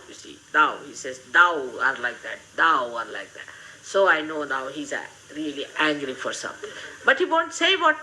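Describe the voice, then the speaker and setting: An older woman, giving a gently humorous, motherly spiritual talk to her followers. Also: low-pitched, rough recording. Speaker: spiritual teacher.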